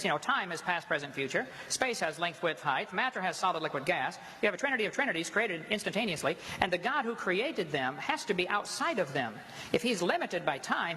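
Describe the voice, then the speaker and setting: Bright-voiced man lecturing in a hall. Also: high voice, slight background noise. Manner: confident, explaining step by step. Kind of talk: religious lecture. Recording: reverberant hall.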